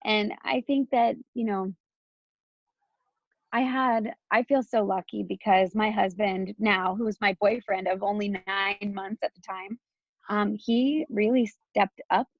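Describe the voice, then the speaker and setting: Woman from Texas, thirties, interview guest, gravelly voice, rambling with fillers, dry muffled recording. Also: medium pitch, fairly even intonation, a little slow, no room sound. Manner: talks in a loose flow, with many "like" and restarts. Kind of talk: candid personal interview.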